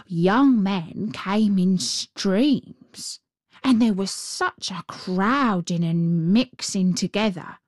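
A woman reading a fairy tale aloud in a gentle, unhurried and expressive way. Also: mid-range voice, no room sound, clean studio sound. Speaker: storyteller.

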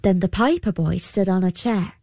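A woman narrating an old folk tale in a measured storybook manner. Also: medium pitch, creaky, warm tone.

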